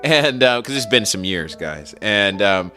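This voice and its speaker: Friendly male podcast host, low voice, playful storyteller, soft guitar bed. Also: measured pace. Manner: animated storyteller, acts out quoted calls with big pitch jumps. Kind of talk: casual chat.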